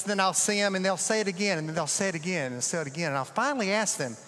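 A middle-aged pastor preaching with a bright, high voice. He tells stories with sweeping rises and sudden hushed drops. His voice carries a long reverb through a large church sanctuary. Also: rapid-fire, few pauses. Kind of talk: sermon.

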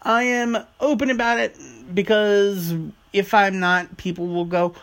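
A man's voice: high-pitched, flat delivery, unhurried, a bit bright. A man hosting his own podcast in a casual, rambling monologue, swearing freely as he talks. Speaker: podcast host.

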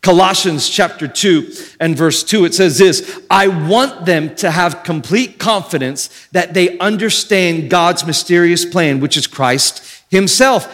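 A man preaching a lively sermon, with dramatic gasps and bursts of shouting. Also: sits high, measured pace. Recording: long reverb of a hall.

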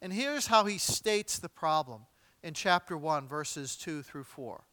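Bright, crisp-voiced pastor preaching a sermon. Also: male voice, on the high side, lively intonation, unhurried, dry recording. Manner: conversational with light humor; dramatic readings with wide swings in volume.

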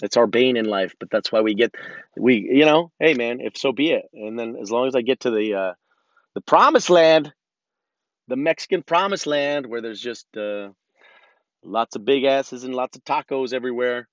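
A man's voice: mid-range voice, normal speed, dry recording. A man in his thirties ranting casually and profanely, rambling with many restarts, in a car. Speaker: vlogger. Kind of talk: casual rant. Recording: dull lo-fi sound.

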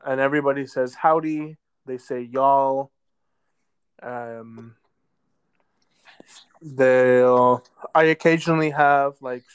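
A man co-hosting a casual podcast, laid-back and drawn-out, with many ums. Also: medium pitch, clear, resonant tone. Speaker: podcast co-host. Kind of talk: casual chat. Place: lives in a southern US metro area.

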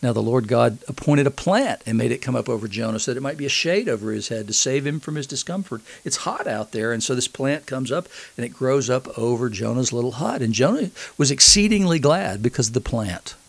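Gravelly-voiced man preaching a sermon. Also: mid-range voice, expressive, brisk, few pauses. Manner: conversational, earnest, acts out quotes.

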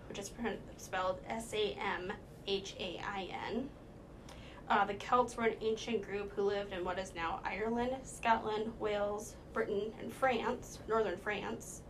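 A woman's voice: mid-range voice, background noise. A young woman from Minnesota, cohosting a podcast, telling a story in casual chat with lots of fillers and giggles. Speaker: podcast co-host.

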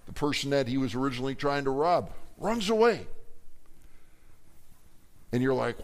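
A man's voice: mid-range voice, moderate pace, long pauses. A middle-aged man teaching a Bible class, telling stories and acting out the voices of the people in them. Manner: animated storytelling, acting out quoted voices.

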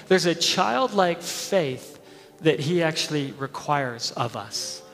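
A man's voice: fairly high pitch, slow, fairly bright tone, big-room sound, soft background music. A man preaching a sermon as head pastor, telling the story with energy, acting out the crowd's voices and often chuckling.

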